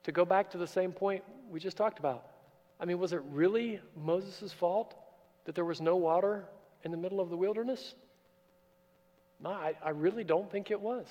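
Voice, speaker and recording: A man preaching a sermon, expressive, moving between loud emphatic passages and quiet, low asides. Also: moderate pace, muffled recording. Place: church sanctuary. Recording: church with long reverb.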